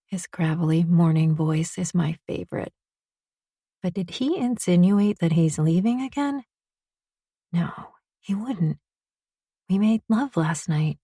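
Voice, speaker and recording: Audiobook narrator: woman, low husky voice, intimate first-person romance read, dry close booth sound. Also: unhurried, mellow, no room sound. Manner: intimate, confessional reading.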